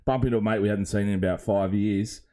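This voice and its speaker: An Australian man with a low, warm voice tells a rambling story in casual chat. He chuckles along and slips into animated voices when he quotes people. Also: fast talker. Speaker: podcast co-host.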